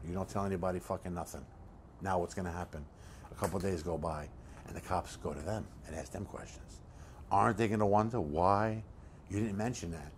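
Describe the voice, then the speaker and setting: An actor playing a hulking, foul-mouthed criminal who talks bluntly and swears constantly in a low-budget film monologue. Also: male voice, a little mellow, slight background noise, natural voice. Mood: instructive. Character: hulking profane criminal man, coldly scheming.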